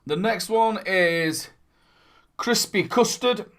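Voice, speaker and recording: A cheerful man hosts a casual product review vlog, talking straight to his viewers. His voice sits slightly above the usual male pitch. He chats in a rambling, upbeat way and throws in playful asides as he goes. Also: takes it slowly, a bit bright. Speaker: vape reviewer and channel host.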